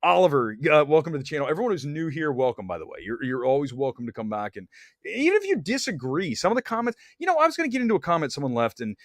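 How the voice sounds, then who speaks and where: Animated sarcastic man streaming. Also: on the high side, quick pace, dry recording, clean studio sound. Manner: animated, sarcastic, reads viewer comments aloud. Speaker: movie review livestream host. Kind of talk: casual opinionated livestream chat.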